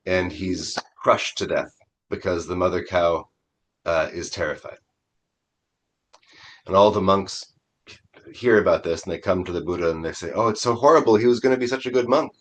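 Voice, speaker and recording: Deep-voiced man telling a Zen story. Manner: conversational, animated telling. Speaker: Zen priest. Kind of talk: dharma talk, storytelling.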